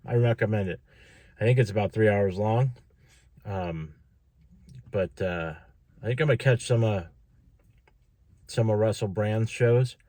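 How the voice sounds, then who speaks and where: A man's voice: fairly low pitch, measured pace, long pauses, dark tone, no room sound. A tired man talking casually to camera for his vlog, rambling with lots of fillers and restarts. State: tired, yawning. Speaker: vlogger.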